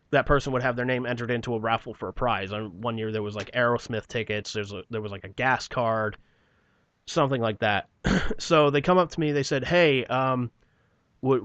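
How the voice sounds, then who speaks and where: This New Jersey speaker spins a lengthy, foul-mouthed tale about a past job during a relaxed podcast conversation. He curses a lot and imitates people mockingly in fake voices. The tone is fairly bright and medium in pitch, free of echo, but the podcast recording itself is dull and lo-fi.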